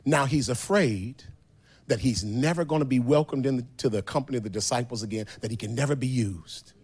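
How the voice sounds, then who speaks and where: This preacher dramatizes the story in his sermon, shifting between hushed asides and lines he shouts and sings. His mid-range voice runs a little fast and carries a breathy edge.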